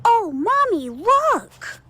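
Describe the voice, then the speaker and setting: A woman's voice: very high-pitched, very animated, extremely slow, bright, forceful tone, heavily acted. Woman voicing an eager little boy. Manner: eager, sing-song childlike delivery. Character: small excited young boy.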